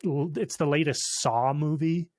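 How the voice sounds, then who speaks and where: A man co-hosting a podcast in relaxed casual chat, often checking in with "okay?" and "dude". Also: fairly high pitch, a little slow, dry recording, studio quality. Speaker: podcast co-host.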